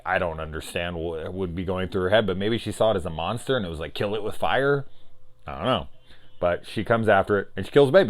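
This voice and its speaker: Man, low voice, casual film review, swears a lot, mimics characters. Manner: loose, profane, acts out scenes in quick voices.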